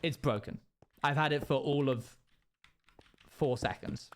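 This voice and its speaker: A man's voice: mid-range voice, measured pace, slight background noise. A young man streaming a game and telling a rambling story with sound-effect noises. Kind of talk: casual storytelling while gaming.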